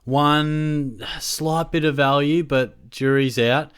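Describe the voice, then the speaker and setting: A man's voice: fairly high pitch, fairly even intonation, slow pace, clear, resonant tone, no echo, clean studio sound. A young Australian man chatting casually to his viewers, rambling through a story and laughing mid-sentence. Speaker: fantasy football channel host. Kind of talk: casual chat to camera.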